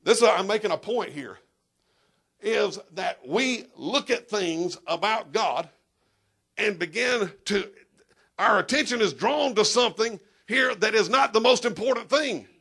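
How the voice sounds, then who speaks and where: A man preaching a sermon as pastor in a church, emphatic and animated, breaking into shouts and talking straight to the congregation. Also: high-pitched, unhurried, creaky, husky.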